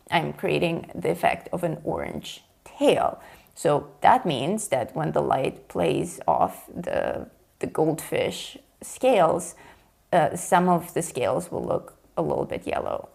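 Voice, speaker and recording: Gravelly, low-voiced chatty woman host. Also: expressive, a little slow, darkish tone. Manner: chatty, laughs easily, explains at length. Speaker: host of a live coloring show. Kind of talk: casual chat while drawing.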